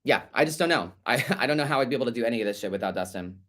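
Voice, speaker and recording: A man's voice: medium pitch, expressive, racing, fairly bright tone. A man hosting a live tarot podcast, answering listener letters in a sassy, profane way, calling listeners babe and honey and repeating his points for emphasis. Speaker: podcast host and tarot reader.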